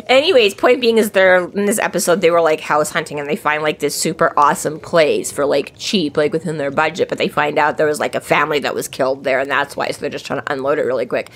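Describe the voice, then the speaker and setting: A woman co-hosting a casual podcast chat, telling stories and putting on squeaky voices for the people she quotes. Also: fast, hardly any pauses. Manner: animated storyteller, jumps into squeaky quoted voices. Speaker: podcast co-host. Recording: faint background noise.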